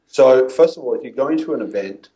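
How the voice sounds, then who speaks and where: A man's voice: medium pitch, lively intonation, fairly quick, warm tone, poor audio. A man, a guest in an interview, telling stories and acting out past conversations. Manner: storytelling, acts out his own past dialogue. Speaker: guest copywriter.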